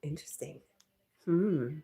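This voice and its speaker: A woman with a low, mellow and slightly husky voice hosts a relaxed livestream. She chats easily and reads viewer comments aloud, laughing often. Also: slow pace. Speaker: livestream host reading chat. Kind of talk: casual live chat.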